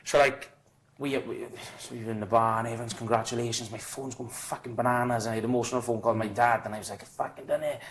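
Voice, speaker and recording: A man guesting on a podcast and telling football stories in an animated, swearing way, with frequent restarts. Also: mid-range voice, fast. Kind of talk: casual storytelling.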